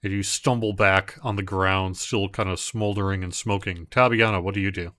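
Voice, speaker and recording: A man narrating as game master of an online tabletop game, in a relaxed, halting way. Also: sits low, dry recording. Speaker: dungeon master.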